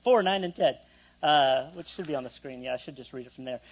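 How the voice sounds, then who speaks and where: A man's voice: mid-range voice, brisk, breathy edge, rough recording. A young man preaching a sermon in a conversational way, with self-deprecating asides to the congregation. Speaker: pastor.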